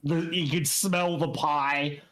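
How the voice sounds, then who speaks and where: A man's voice: a little high, steady tone, takes it slowly, background noise. A man, a player at a tabletop game, chatting casually and swearing freely. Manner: swears freely, rambling asides.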